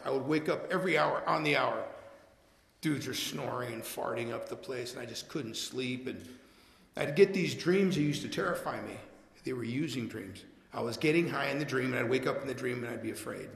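Middle-aged man, very gravelly voice, candid recovery testimony, echoey hall with long reverb. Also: medium pitch, a bit bright. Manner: candid, plainspoken storytelling with wry humor. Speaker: speaker sharing a recovery story. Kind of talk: personal testimony at a recovery meeting.

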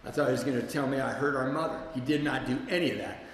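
A man's voice: medium pitch, fast talker, slight background noise. A man speaking at a recovery meeting, telling his own story candidly and with self-deprecating asides to the group. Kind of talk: personal recovery share to a live group. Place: meeting room with a group present. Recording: echoey hall with long reverb.

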